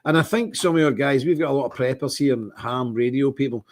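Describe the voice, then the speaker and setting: A man's voice: mid-range voice, fast talker. A man with a Scottish accent hosting a casual livestream monologue, rambling with indignant outbursts. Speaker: livestream host.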